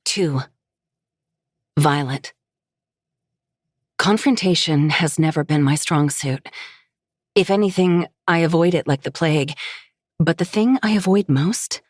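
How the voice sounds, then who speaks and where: A woman reading a first-person story aloud in a steady, measured way. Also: sits low, no echo, studio quality. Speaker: narrator.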